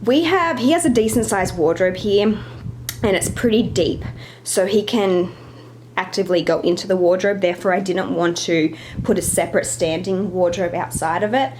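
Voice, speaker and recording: Chatty young mom, lowish voice. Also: female voice, normal speed, darkish tone, a little hiss or hum. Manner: chatty, apologetic asides. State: slightly out of breath. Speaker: vlogger. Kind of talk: casual home tour narration.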